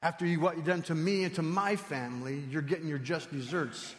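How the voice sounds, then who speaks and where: A male preacher delivering an animated sermon, swinging from loud to hushed, in a church sanctuary. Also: fairly high pitch, fairly quick. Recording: long reverb in a large hall.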